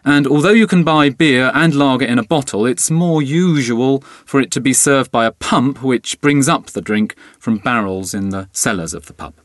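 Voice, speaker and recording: A man, a studio guest, giving a steady scripted explanation for language learners. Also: mid-range voice, normal speed, hardly any pauses, no room sound.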